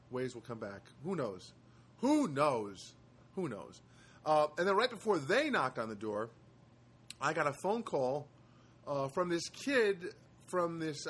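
A man's voice: a little high, husky. A man hosting his own show from a studio apartment, telling stories in a rambling casual monologue with wry asides and many hesitations.

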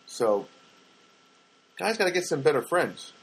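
A man's voice: a little high, big pitch swings, a little slow, slightly rough. An older man hosting a casual solo podcast, telling rambling everyday anecdotes with wry asides and frequent self-corrections. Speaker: podcast host.

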